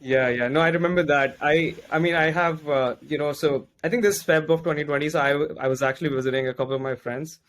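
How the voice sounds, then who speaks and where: Halting man hosting a podcast. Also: a little high, steady tone, a bit bright, slight background noise. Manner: halting questions with many restarts and fillers. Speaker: podcast host. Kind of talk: casual interview chat.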